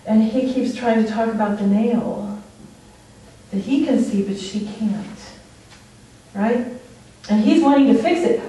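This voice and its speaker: Woman, slow-paced storytelling sermon, mellow voice, distant mic, echoey church. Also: fairly high pitch. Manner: storytelling, animated, laughs often. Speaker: speaker at a church service. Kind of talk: conversational sermon. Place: church sanctuary.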